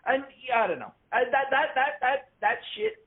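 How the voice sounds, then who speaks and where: A man's voice: extremely high pitch, lively intonation, a little fast. A man co-hosting a casual podcast, ranting and swearing, often restarting his sentences. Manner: ranting, swearing, self-interrupting. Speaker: podcast co-host. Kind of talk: casual chat. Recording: tinny phone-like line.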